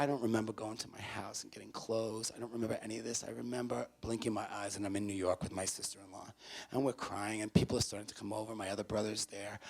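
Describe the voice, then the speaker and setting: A man speaking as a motivational speaker to a college audience. He is emphatic and repeats his key phrases, swinging from loud to hushed. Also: fairly low pitch, vocal fry, slightly rough. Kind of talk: motivational talk to students. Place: college event before a student audience.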